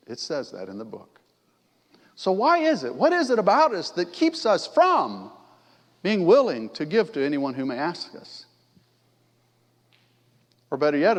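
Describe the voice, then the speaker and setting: Reverberant conversational preacher, a man. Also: fairly high pitch. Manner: conversational, asks the congregation questions. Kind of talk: sermon. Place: church sanctuary. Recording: long church reverb.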